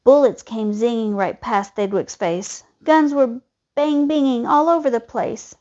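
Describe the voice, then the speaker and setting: A woman reading a children's storybook aloud in a lively, expressive way. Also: fairly high pitch, a little slow. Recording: dull lo-fi recording.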